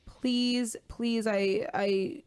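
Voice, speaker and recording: A young woman co-hosting a podcast, dry and deadpan with a monotone delivery. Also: a little high, drawn-out words, clear, resonant tone. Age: young adult. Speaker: podcast co-host. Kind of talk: casual podcast chat.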